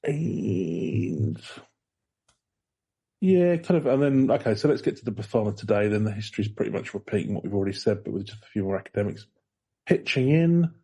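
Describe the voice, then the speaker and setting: A man's voice: on the low side, big pitch swings, a little fast, warm tone, husky. A man co-hosting a casual podcast, reading notes aloud in a rambling way with dry jokes. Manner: rambling with fillers, dry joking. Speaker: podcast co-host.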